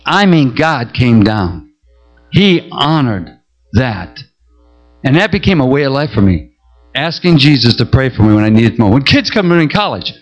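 A middle-aged male pastor preaching a sermon, telling a story with animated, emotional pleading. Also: mid-range voice, moderate pace, muffled recording, faint music behind.

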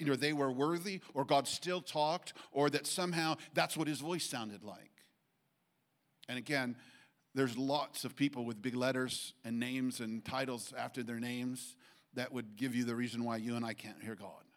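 A pastor giving a sermon in church, halting with frequent restarts and then rising to emphatic points. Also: male voice, mid-range voice.

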